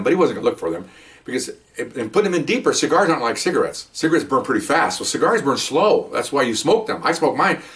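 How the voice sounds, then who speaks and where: Fast-talking older man spinning a yarn. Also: medium pitch, recorded from a distance. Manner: animated, checks in with "okay?", many restarts. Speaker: retired police officer telling stories. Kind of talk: casual anecdotal storytelling.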